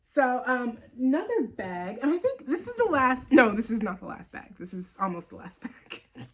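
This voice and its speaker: A woman hosting a knitting podcast, chatting casually about her yarn purchases in an excitable, rambling way with frequent laughs. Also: fairly high pitch, moderate pace, rough recording.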